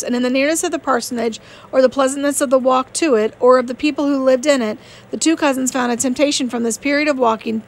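A woman narrating a classic novel as an audiobook reader, steady and measured. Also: sits high.

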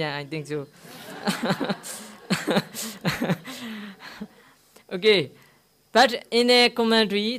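Monk giving a dharma talk; a slow, unhurried man with a smooth voice, broken English, questions the room. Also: sits high, fairly bright tone. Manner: simple broken English, often asks the listeners questions; tells a teaching story, repeating key words. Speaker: Buddhist monk teaching meditation. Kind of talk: dharma talk to a live audience. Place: meditation centre hall.

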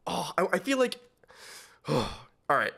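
An excitable man hosting a music reaction, slightly high-pitched, bursting with amazement. He swings between loud exclamations and quiet, choked-up murmurs. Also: slow, creaky, breathy edge. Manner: excitable, swearing in awe, drifting to hushed mutters. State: emotional, tearing up. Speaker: reaction video host. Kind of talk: casual music reaction commentary.

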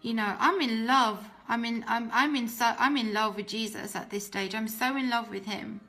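A woman's voice: a little high, steady tone, moderate pace, sharp tone, faint music behind. A woman telling her personal faith testimony in an earnest, emotional way, often restarting her sentences. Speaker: testimony speaker.

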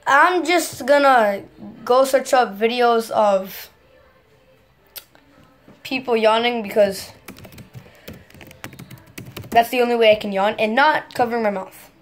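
A woman with a slightly high voice talks straight to camera in a loose, chatty vlog style. She rambles and sidetracks herself, bouncing from excited bursts to muttered comments. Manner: chatty, rambling, jumps between excited and mumbled asides. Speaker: vlogger. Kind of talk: casual chat to camera.

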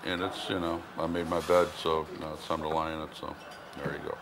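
A man in his forties, an actor being interviewed, talking in a low-key, wry and self-mocking way. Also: little pitch movement, a little fast, noisy background. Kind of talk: casual interview chat. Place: in a pub. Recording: crowded pub in the background.

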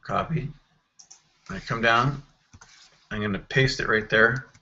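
A man walking through a software screen tutorial in a casual, think-aloud way, with fillers and self-corrections. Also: medium pitch, slow, dull audio. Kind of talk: screen-recorded software walkthrough.

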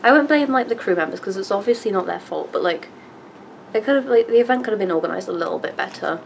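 A young woman vlogging in a loose, rambling way, leaning on "like" and casual swearing. Her voice sits at an ordinary mid pitch. A faint hum runs underneath. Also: expressive, fast, vocal fry, rough recording. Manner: chatty, filler-heavy, swears casually. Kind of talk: casual storytelling.

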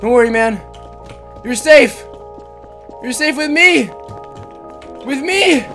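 Jumpy let's-play host, shrieky and animated. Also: high-pitched, slow, pauses often. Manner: jumpy, shrieks and repeats words in panic. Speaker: gaming channel host. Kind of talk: panicked let's-play commentary. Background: game music.

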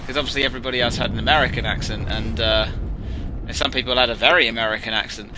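A man's voice: medium pitch, fairly even intonation, rapid-fire, noisy background. A British man streaming a game and chatting, telling a long story with lots of restarts and fillers. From Britain. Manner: rambling storyteller with many restarts. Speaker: streamer host. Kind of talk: casual chat while gaming.

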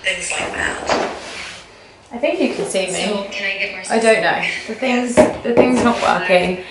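A woman's voice: medium pitch, normal speed, very noisy. Chatty young woman in a roomy echo. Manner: rambling, chatty, full of fillers. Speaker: vlogger. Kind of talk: casual talk to camera. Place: indoors in an apartment being packed up. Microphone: camera pointed at herself.

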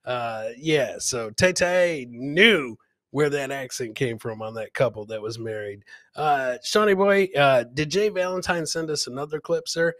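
A man hosting a casual live podcast, hyped and chuckling as he shouts out to his viewers. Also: medium pitch, unhurried, no room sound, clean studio sound. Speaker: podcast host. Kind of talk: casual live-show chat.

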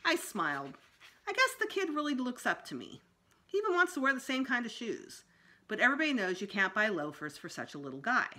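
Librarian lady reading a kids book out loud, super animated, bright. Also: on the high side, fairly quick. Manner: expressive storytelling. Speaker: school librarian. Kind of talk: reading a children's book aloud.

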